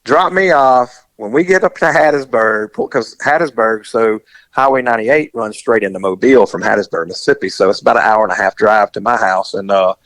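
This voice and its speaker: A man's voice: lowish voice, fairly quick, no echo. A man telling a story in casual chat and acting out the dialogue as he goes. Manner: animated, acts out the dialogue in his story.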